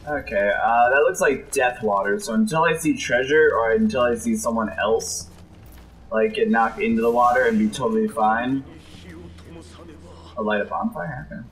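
A young man does jokey, excitable let's play commentary, reacting to the game and putting on silly voices for the enemies. His voice is medium-pitched and his pace moderate.

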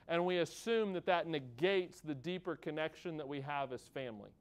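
A pastor in his thirties delivers a sermon in a relaxed, conversational way, pausing to check in with his listeners. His voice is clear and resonant and sits a little high for a man. He eases into light family stories to make his point. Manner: conversational preaching, checks in with the room with "okay?" and "all right?".

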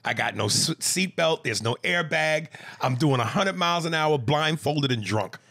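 A man co-hosting a podcast, reading a fan email aloud in casual chat, animated and jumping into loud high bits. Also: normal speed, dry recording. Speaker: podcast co-host.

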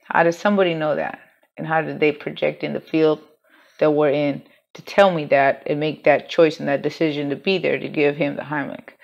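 A woman's voice: deep voice, fairly even intonation, brisk, creaky. A woman telling a personal story in a candid, rambling way, swearing freely and restarting her sentences. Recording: dull lo-fi home recording.

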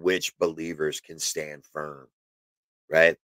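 A man's voice: sits low, a little slow, fairly bright tone, dry recording. A man teaching on a Bible passage in a casual, rambling way, full of fillers and restarts, sometimes emphatic. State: has hiccups. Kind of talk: informal spoken Bible teaching.

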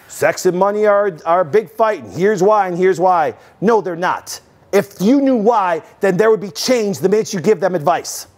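A man's voice: mid-range voice, darkish tone. A middle-aged man hosting a health talk, preaching emphatically and firing rhetorical questions at his audience. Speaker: host.

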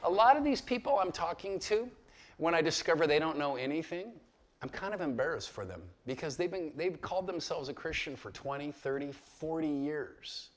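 A pastor in his fifties gives an informal Bible lecture to a group, speaking at normal speed in a fairly high, expressive voice. His teaching is conversational, full of stories, asides, and chuckles.

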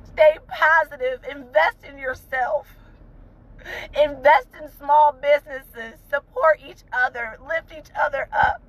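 High-voiced woman talking through tears. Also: fairly even intonation, slow, poor audio. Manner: tearful, fervent, repeats uplifting phrases. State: crying. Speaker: vlogger, mother of two young entrepreneurs. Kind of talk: emotional casual talk to viewers. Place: inside a parked car.

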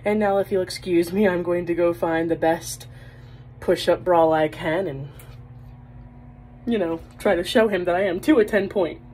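A woman telling a comic story about her marriage in a wry, deadpan, exasperated way. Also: lowish voice, moderate pace, a little hiss or hum.

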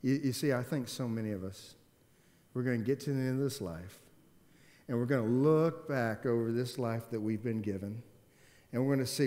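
A man's voice: medium pitch, moderate pace, dark tone. A man preaching a sermon and telling a story to make his point, in an earnest, emphatic way. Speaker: pastor. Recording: long hall reverb.

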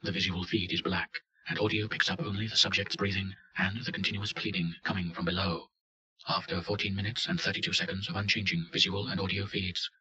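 A man with a very low voice that still sounds forceful and bright. He reads a report in a flat, matter-of-fact tone, as scripted narration. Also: lo-fi sound. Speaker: reader.

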